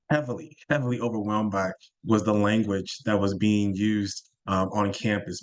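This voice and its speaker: A man on a panel who tells stories in a playful, animated way, with many fillers. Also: fairly low pitch. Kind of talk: storytelling on a panel.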